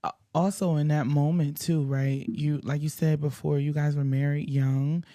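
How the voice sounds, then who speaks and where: Mellow woman asking gentle questions. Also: sits low, flat delivery, normal speed, no room sound, clean studio sound. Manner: supportive interviewer, many affirming murmurs. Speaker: podcast co-host. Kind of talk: casual chat.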